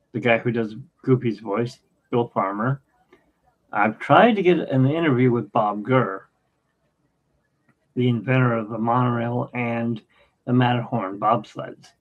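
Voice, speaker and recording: A man in his fifties hosting a podcast, rambling through anecdotes in a casual, halting way with many fillers. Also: medium pitch. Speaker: podcast host. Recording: dull lo-fi sound.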